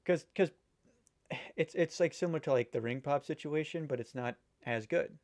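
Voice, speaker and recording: A man's voice: on the high side, moderate pace, a little mellow. A man chatting casually while ranking candy, rambling and swearing now and then. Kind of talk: casual chat.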